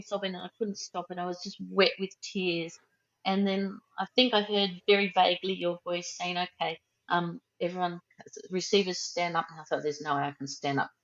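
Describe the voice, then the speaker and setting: A woman guest on a podcast telling a deeply personal story in a soft, slow, heartfelt way, often trailing off. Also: muffled recording. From Australia.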